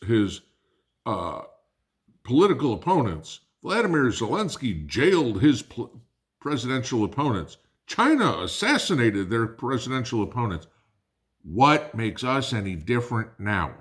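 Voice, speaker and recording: A man hosting a prepping channel, delivering an angry, blunt political rant to his viewers, swearing and calling them guys. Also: medium pitch.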